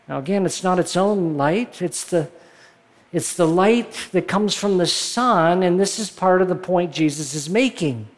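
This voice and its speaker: A male pastor delivering a sermon in a conversational preaching manner, reading scripture and sometimes rising with excitement. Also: sits high, a little slow.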